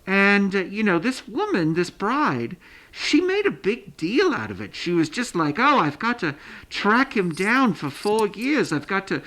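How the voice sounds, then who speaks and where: A woman playing a prim guest with a British-sounding accent, deadpan and matter-of-fact even when outrageous. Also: mid-range voice, measured pace, rough recording. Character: prim guest who insists she has no accent. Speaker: recurring guest.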